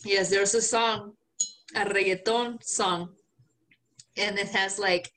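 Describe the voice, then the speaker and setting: A woman from Mexico co-hosting a podcast in casual chat, a little tipsy, talking in an animated way with plenty of swearing. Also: mid-range voice, slow pace. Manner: animated, swearing, laughing often. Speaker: podcast co-host.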